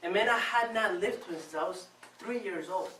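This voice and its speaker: Man from Venezuela giving a bright, echoey speech. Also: sits high. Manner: expressive storytelling with dramatic pauses. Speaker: speech contest speaker. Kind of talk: prepared public speech. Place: club meeting room before a live audience. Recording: echoey room, distant mic, faint noise.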